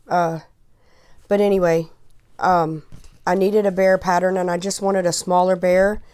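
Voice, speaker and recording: A woman's voice: fairly low pitch, darkish tone, clear, resonant tone. A woman in her forties giving a rambling, chatty sewing tutorial, often checking in with "okay?" and close to tears at times. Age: 40s. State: emotional, holding back tears. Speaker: crafting tutorial host. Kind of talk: casual how-to instruction.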